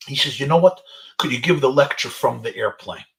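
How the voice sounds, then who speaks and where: With a medium-pitched, creaky yet fairly bright voice, a rabbi talks animatedly and fairly quickly. He is addressing teens over a webinar, sharing uplifting stories sprinkled with Yiddish and Hebrew.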